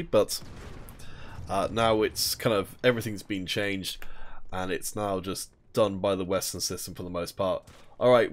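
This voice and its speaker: A man casting an online shooter tournament live, chatting with viewers and reading their messages aloud between plays. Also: lowish voice. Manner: chatty, reads chat aloud and jokes with viewers. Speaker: esports tournament caster. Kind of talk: live game commentary with chat replies.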